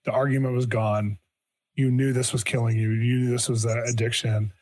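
A man hosts a conversational interview. He reacts often with short affirmations and asks follow-up questions, and his voice sits at a middling pitch for a man. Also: level tone, moderate pace, a little mellow. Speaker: interviewer, podcast host.

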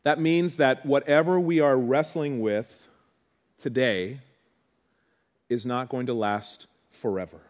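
Man, pastor, sermon, earnest and heartfelt, repeats phrases, mid-pitched voice. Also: steady tone, slow pace, pauses often. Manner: conversational asides to the congregation.

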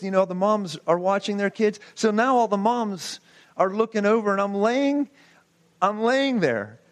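A man in his forties is preaching, sharing a personal testimony through impassioned storytelling and rhetorical questions. His voice sits high.

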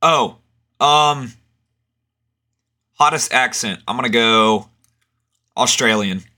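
A bright, crisp-voiced man co-hosting a casual podcast over a remote call. He jokes around with crude humor and laughs easily. The talk is loose and unscripted. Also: mid-range voice, takes it slowly. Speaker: podcast co-host.

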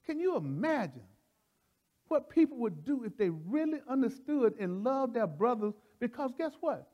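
A man with a very high voice preaches to his group. He talks in a folksy, fired-up way, laughing often and circling back over the same phrases. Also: very animated, normal speed, lo-fi sound. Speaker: preacher leading a Bible study. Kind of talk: animated sermon teaching.

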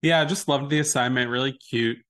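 Guy cohosting a podcast, mid-pitch voice, laughs a lot, gets excited. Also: brisk. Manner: excitable, laughs often, quotes scenes in funny voices. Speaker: podcast co-host. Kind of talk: casual chat.

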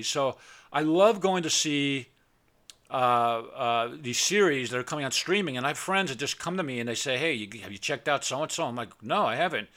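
A man's voice: medium pitch, a bit bright. A middle-aged man hosting a podcast, ranting bluntly and stumbling over repeated words as he acts out arguments. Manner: acts out both sides of arguments in a raised voice. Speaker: podcast host. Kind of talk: unscripted rant.

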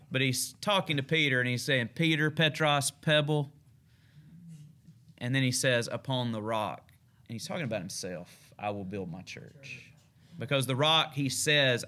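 A man leads a midweek Bible study as pastor, preaching in a folksy, emphatic way. His voice is bright and forceful, and he swells and then drops back as he drives each point home. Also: medium pitch. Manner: folksy, emphatic preaching with rising and falling intensity.

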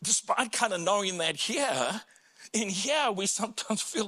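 Male pastor, slow deliberate sermon delivery, fairly high voice with bright tone, earnest, swells to pleading cries. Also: lively intonation. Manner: earnest, rising to impassioned cries when voicing prayers; slow and deliberate, dropping low and quiet on personal points. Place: church.

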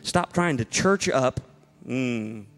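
A man's voice: medium pitch, expressive, slow, vocal fry, in a large hall, soft background music. A male pastor preaching a sermon to a congregation, emphatic and rhetorical, with playful asides to the room. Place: church hall before a congregation.

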